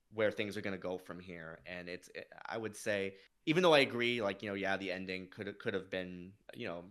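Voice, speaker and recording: A man's voice: low-pitched, a bit bright, smooth. A man co-hosting a casual film discussion, speaking earnestly and thoughtfully with fillers. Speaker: podcast co-host.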